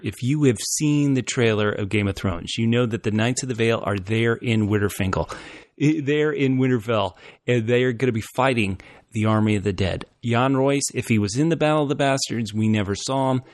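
A man co-hosting a casual fan discussion show, animated and laughing often, restarting his phrases as he talks. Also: medium pitch, no echo. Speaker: podcast co-host.

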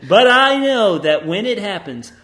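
A man co-hosts a comedy podcast, joking as he reads listener reviews. His voice sits notably high for a man. The room adds a clear, roomy echo. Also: big pitch swings, unhurried, bright, forceful tone. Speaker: podcast co-host. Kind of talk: casual comedic podcast banter.

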